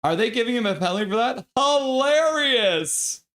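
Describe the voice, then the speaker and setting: A man streaming live hockey play-by-play, excitable and profane, reading viewer chat aloud between calls. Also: high-pitched, rapid-fire. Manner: excitable, swears, reads chat comments aloud.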